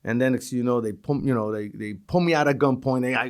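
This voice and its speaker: A man's voice: medium pitch, fast talker, few pauses. A middle-aged man with a New York accent, telling stories on a podcast and acting out the voices of the people in them. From East New York, Brooklyn. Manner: animated, acts out voices in his stories, swears. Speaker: podcast guest. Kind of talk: casual storytelling.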